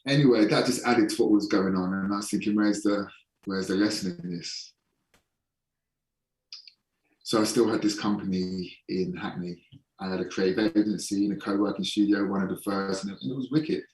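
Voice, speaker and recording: A holistic performance coach appears as a guest in a casual podcast interview, telling his story frankly, sometimes swearing and slowing down to stress points. His low voice is steady and darkish, sitting somewhat back from the microphone, far from the mic in an echoey room.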